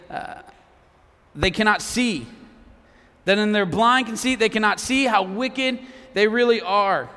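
A young man delivers a sermon to a youth audience in an easy, conversational way, slipping in jokes and then hushing down to make a point. His voice sits high and bright. The sound carries a long echo, as in a large hall. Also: clean tone. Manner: conversational, drops to a hush for emphasis; jokey asides to a young audience. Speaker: youth preacher.

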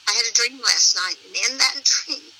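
A woman's voice: on the high side, moderate pace, sharp tone, slight background noise, poor audio. A middle-aged woman, a religious sister, earnestly telling a personal story as a guest and often laughing as she speaks.

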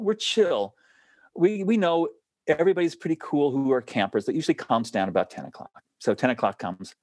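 Lively, animated storytelling man. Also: mid-range voice, no room sound. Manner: animated, laughs often, restarts sentences. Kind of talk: casual storytelling chat.

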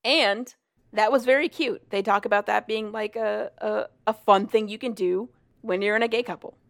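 A woman's voice: medium pitch, fairly even intonation, normal speed, gravelly. A married woman co-hosting a podcast, chatting casually and retelling a story, laughing often and swearing freely. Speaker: podcast co-host. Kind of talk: casual chat retelling a book plot.

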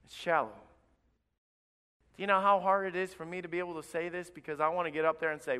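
Man, pastor, animated sermon, high voice, crisp and smooth, long church reverb. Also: quick pace, long pauses. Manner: animated, acts out quoted voices.

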